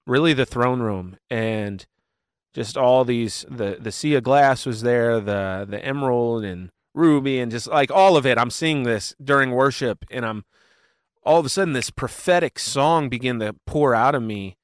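A man being interviewed as a worship pastor, telling his story in a casual, animated way with plenty of fillers and quick asides. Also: medium pitch, clear, resonant tone, dry recording, studio quality.

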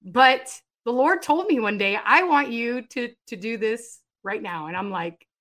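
A middle-aged woman, a guest on a faith interview show, telling her story in an emphatic, animated way with sudden loud bursts. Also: fairly high pitch, unhurried. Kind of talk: conversational testimony.

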